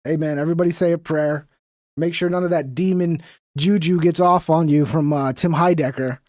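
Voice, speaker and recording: Chill streamer guy rambling about clips, kinda high voice, dry mic. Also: steady tone, brisk, a little mellow, no echo. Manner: laid-back, rambling, slangy asides. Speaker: streamer host. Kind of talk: casual chat reacting to clips.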